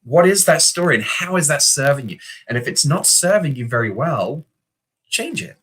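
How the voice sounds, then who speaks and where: A man's voice: on the high side, animated, fairly quick, fairly bright tone, slightly rough. A middle-aged man hosting a motivational video talk, earnest, telling stories and acting out the voices in them. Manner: earnest, storytelling, acts out quoted voices. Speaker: host.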